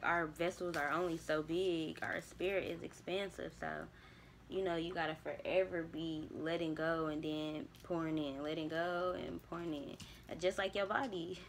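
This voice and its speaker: A woman's voice: sits low, creaky, slight background noise. A young woman, talking candidly to herself on camera about spiritual growth, with casual swearing. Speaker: vlogger. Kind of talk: casual reflective monologue.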